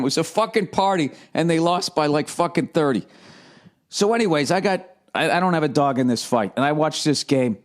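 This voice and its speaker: Profane, animated man ranting solo. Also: on the high side, moderate pace. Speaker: comedian and podcast host. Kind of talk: casual rant.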